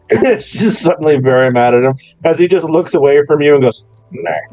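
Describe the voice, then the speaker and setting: A man's voice: on the high side, a little fast, warm tone, soft background music, rough recording. Laughing man running a tabletop game. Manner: laughs often while narrating. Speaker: game master.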